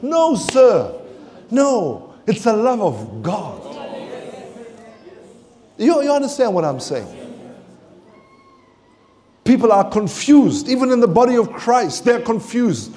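A South African man preaching a sermon in a church, impassioned, swinging from shouted declarations to low murmurs. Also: very animated, measured pace, long pauses. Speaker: pastor. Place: church sanctuary with congregation.

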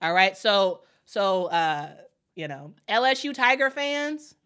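A woman's voice: mid-range voice, takes it slowly. A woman from Chicago reacts live on her own sports channel. She gushes and repeats herself, calling on her viewers to cheer along with her. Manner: energetic, repetitive, hypes up viewers. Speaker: sports YouTuber. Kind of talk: excited live reaction vlog.

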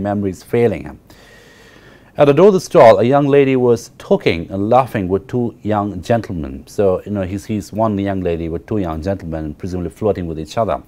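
A man with a low-pitched, darkish voice gives a university literature lecture. He explains at length, repeats key phrases, and often checks in with the class by asking "right?"

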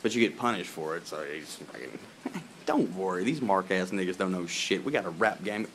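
A man's voice: deep voice, animated, fairly quick, fairly bright tone, slight background noise. A man ranting casually to camera as a vlogger, profane and laughing, drifting off topic outdoors in the rain. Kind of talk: rambling casual rant to camera.

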